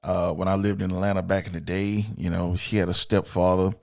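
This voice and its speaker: A man hosting a podcast, delivering a blunt, profane, opinionated monologue aimed at women, swinging between loud outbursts and low asides. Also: level tone, a little fast, gravelly. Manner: blunt, profane and emphatic, addressing women directly. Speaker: podcast host.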